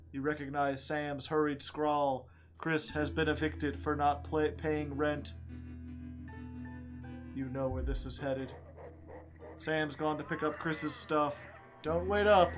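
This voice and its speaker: A man streaming a game, reading its story text aloud in a quiet voice and breaking off for joking asides to chat. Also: a little high.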